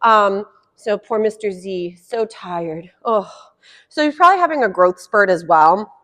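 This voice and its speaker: A woman dog trainer giving a hands-on demonstration, chatty and encouraging, with bright praise cues to a puppy and a slightly dry throat. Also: mid-range voice, expressive, unhurried, in a large hall. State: slightly dry throat, cough drop in mouth. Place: indoor room with heating running.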